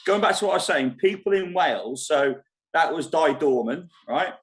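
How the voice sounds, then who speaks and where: A man hosts a casual live-stream chat from the club foyer of a holiday park, rambling along and laughing easily. His voice is a little high and expressive.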